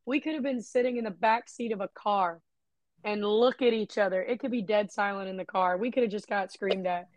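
A woman's voice: medium pitch, fairly quick, no room sound. Frank, profane young woman storyteller. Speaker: podcast co-host. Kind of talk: casual chat.

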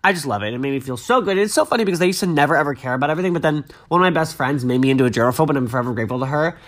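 Fast, animated young man chatting. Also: a little high. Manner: chatty, gushing and dramatic. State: a little stuffy. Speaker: podcast host. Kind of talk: casual chat and reading news aloud.

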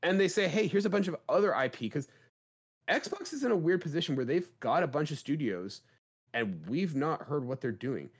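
A man's voice: on the high side, very animated, moderate pace, husky. A man co-hosting a gaming podcast, talking in an emphatic way and asking rhetorical questions. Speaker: podcast co-host. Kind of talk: casual chat.

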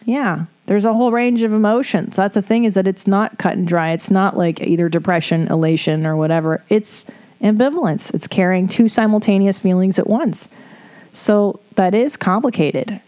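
A middle-aged podcast host works through listener problems in a loose, candid advice chat, swearing freely and laughing quickly and often. Her mellow, warm voice sits at an ordinary pitch, and the conversation sounds unscripted.

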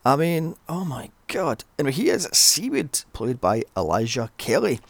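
A man's voice: mid-range voice, very animated, moderate pace, vocal fry, dry recording. A man giving a blunt, sweary, ranting film review. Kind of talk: casual solo review.

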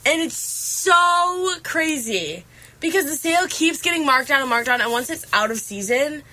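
A young woman from upstate New York, a college student chatting casually on a podcast, animated and full of "like". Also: high-pitched, moderate pace. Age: young adult. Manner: chatty, animated storytelling with frequent "like". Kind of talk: casual chat.

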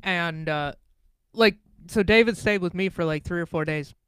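Casting note: high, smooth male voice, dry close mic, joking casual podcast host. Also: normal speed, a bit bright, dry recording. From Pacific Northwest of the US. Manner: joking, swears casually, tells anecdotes. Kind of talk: casual chat.

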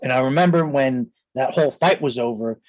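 A man's voice: medium pitch, brisk, dry recording, rough recording. Rambling male podcast host, dry sound. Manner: rambling, filler-heavy, with "you know" and "like". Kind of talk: casual storytelling. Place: recording studio.

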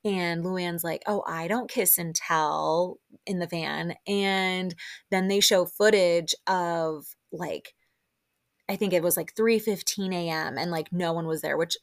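A woman hosting a casual solo recap podcast, chatting excitedly with lots of "like" and side notes. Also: lowish voice, measured pace. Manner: chatty, full of "like" and excited asides. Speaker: podcast host.

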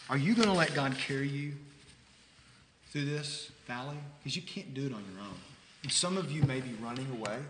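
A man from the United States preaching a sermon, telling a story in a conversational, animated way with frequent restarts. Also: mid-range voice, background noise. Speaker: pastor. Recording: roomy hall with long reverb.

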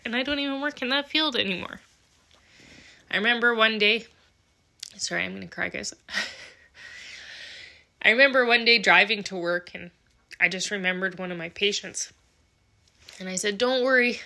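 Woman podcast host, solo monologue, bright and forceful tone, heartfelt and blunt. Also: fairly high pitch. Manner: earnest, emotional, swears casually. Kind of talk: candid personal monologue.

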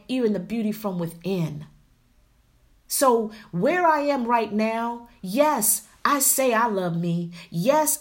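A middle-aged woman vlogger telling a story to her viewers in a chatty, animated way, often calling them honey and y'all, going from loud bursts to hushed asides. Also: a little high.

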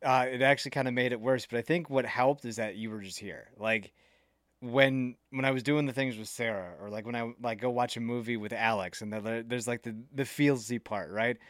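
A man's voice: medium pitch, steady tone, brisk, no echo, studio quality. A man co-hosting a podcast on a video call, rambling loosely, swearing freely and laughing often. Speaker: podcast co-host and producer. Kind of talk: casual chat.

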